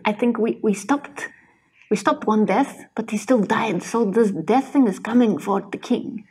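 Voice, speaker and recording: A woman's voice: fairly high pitch, a little slow, a little mellow, husky, poor audio. A woman playing a tabletop game, hesitant and thinking aloud. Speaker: player. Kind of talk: casual tabletop play.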